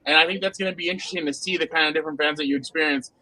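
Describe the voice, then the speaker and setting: A man co-hosting a casual football podcast, telling animated anecdotes and laughing often. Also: fairly high pitch, very fast, slight background noise, low-quality recording. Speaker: podcast co-host, football reporter. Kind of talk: casual sports podcast chat.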